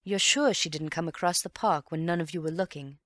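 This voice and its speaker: A woman reading an audiobook and voicing a calm, wry gentleman amateur detective who reasons in an unhurried, teasing way. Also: low-pitched, no echo. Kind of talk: audiobook character voice.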